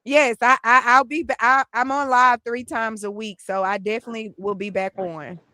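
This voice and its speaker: A woman hosting a live podcast stream, chatting with callers and reading the comments in a relaxed way. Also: on the high side, normal speed, no echo, clean studio sound. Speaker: podcast host.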